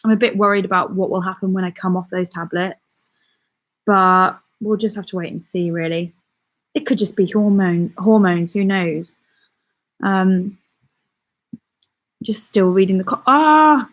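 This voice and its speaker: A woman's voice: mid-range voice, flat delivery, a little slow, long pauses. A young woman from England chatting casually on a live stream as a vlogger, bubbly and reading viewer comments aloud.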